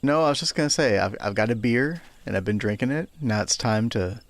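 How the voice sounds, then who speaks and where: A man's voice: mid-range voice, lively intonation, brisk. A man chatting casually beside a game stream, laid-back and joking. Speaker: streamer's partner, co-host. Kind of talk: casual chat.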